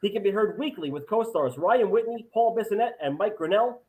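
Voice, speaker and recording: A high-pitched man with a Long Island accent hosts an interview podcast. He reads his introductions with eager build-up and keeps the chat casual. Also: animated, brisk, warm tone, low-quality recording. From Long Island, New York. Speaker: podcast host. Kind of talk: interview host, read-out intro.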